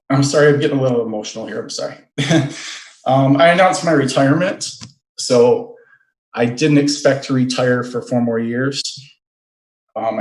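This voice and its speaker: Plain-spoken fire chief in an echoey room. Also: male voice, medium pitch. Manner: plain-spoken, earnest, unhurried. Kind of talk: safety report at a city meeting. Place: council meeting room.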